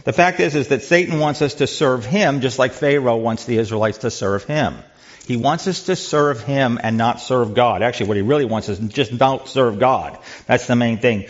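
A man's voice: medium pitch, dull audio. A man leading a church Bible study in a conversational way, quizzing the group and often repeating words.

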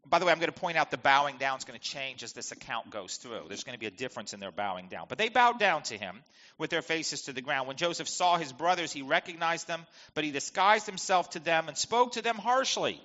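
A man's voice: a little high, very animated, a little fast, sharp tone. A man teaching verse by verse from the Bible, reading passages and explaining them conversationally with rhetorical questions. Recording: dull lo-fi with long hall reverb.

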